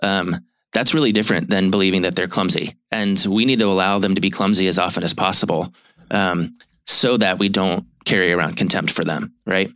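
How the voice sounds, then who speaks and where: Low-voiced man explaining therapy ideas. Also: steady tone, a little fast, a bit bright, no echo. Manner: thoughtful, explanatory, with frequent fillers and restarts. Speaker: marriage therapist and podcast co-host. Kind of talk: casual chat about relationships.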